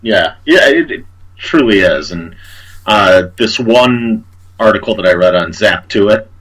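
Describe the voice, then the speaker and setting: This is a man with a deep, husky voice in a relaxed co-host conversation. He talks loosely, often stalls on fillers and restarts his sentences as he looks for a name or a word. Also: a little slow, poor audio. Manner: hesitant, many fillers and restarts. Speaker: podcast co-host. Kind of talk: casual chat about a TV show.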